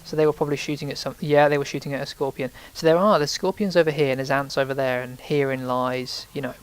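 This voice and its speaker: A let's play host speaks at a medium pitch in a steady tone, fast and smooth. He rambles through casual commentary while playing a video game and sometimes swears when something startles him.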